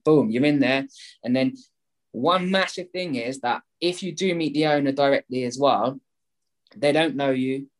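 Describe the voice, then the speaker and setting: A man, a guest explaining his property method in an energetic way, acting out both sides of phone calls. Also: medium pitch, moderate pace.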